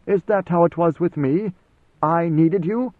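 A man voicing a guarded, suspicious soldier who speaks in a forceful, clipped, wary way. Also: fairly high pitch, a little slow, no room sound, pitched above the performer's own voice, natural voice. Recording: dry, phone-like narrow sound.

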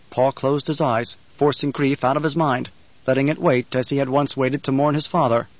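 Male audiobook narrator, steady and deliberate. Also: medium pitch, no room sound, dull audio. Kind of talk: scripted narration.

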